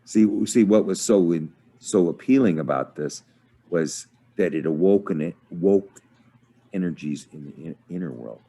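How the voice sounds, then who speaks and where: A man with a low, warm, mellow voice leads a small discussion group over a video call. He talks casually and haltingly, stopping and restarting his sentences and filling gaps with "uh". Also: slightly rough. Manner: halting, many fillers and restarts. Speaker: study group leader.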